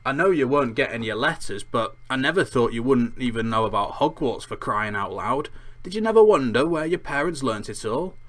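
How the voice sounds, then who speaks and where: Brief: man doing a blustering, protective half-giant, rough dropped-consonant slang, louder than his usual voice. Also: mid-range voice, expressive, unhurried, natural voice. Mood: indignant.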